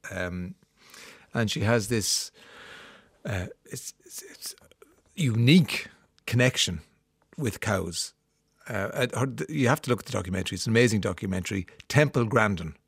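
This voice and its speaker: A man's voice: on the low side, expressive, moderate pace, gravelly, pauses often, slightly rough, no echo, clean studio sound. A man with an Irish accent hosting a radio show, chatting casually and reading out listener texts with plenty of fillers and restarts. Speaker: radio host. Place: radio studio.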